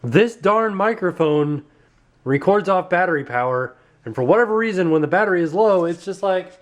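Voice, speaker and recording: A man's voice: high voice, moderate pace, no echo. A man, around his thirties, chatting casually and jokily to his vlog camera. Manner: chatty, animated and jokey. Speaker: vlogger.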